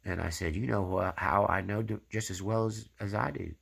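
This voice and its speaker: Man, husky, bright-edged voice, rambling testimony, tag questions. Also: low-pitched, normal speed. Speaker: channel host. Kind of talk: personal faith testimony monologue.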